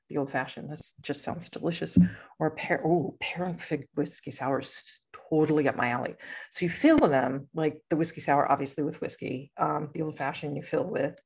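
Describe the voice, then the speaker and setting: Woman podcast host, lower voice, husky, giggly and rambling. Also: a little mellow. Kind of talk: casual chat.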